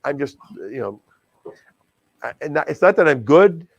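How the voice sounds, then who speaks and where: A middle-aged man from Wisconsin tells stories in a relaxed interview, with a gravelly edge to his voice. He talks animatedly and pokes fun at himself, tripping over and repeating words as he goes. The sound is close and dry. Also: fairly high pitch, normal speed, no echo, dull audio. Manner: animated, self-deprecating, many restarts and stammered repeats. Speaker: guest, charity auctioneer and stadium announcer. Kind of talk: casual interview storytelling.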